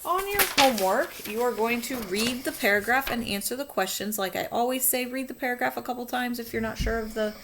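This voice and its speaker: A woman's voice: fairly high pitch, fairly quick, hardly any pauses, a bit bright, slight background noise. A woman teacher talking students through a phonics coding lesson, patient and encouraging.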